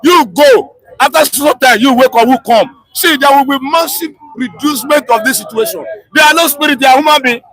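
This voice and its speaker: A man with a Nigerian accent, speaking in a street interview, fiery and often shouting, repeating himself and mixing in pidgin. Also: very high-pitched, fairly quick, hardly any pauses, low-quality recording.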